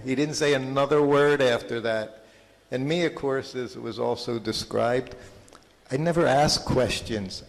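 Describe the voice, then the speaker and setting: A man giving a halting, reminiscing talk as a guest speaker at a temple anniversary, with many fillers and restarts. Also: medium pitch, gravelly. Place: large temple hall. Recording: long hall reverb.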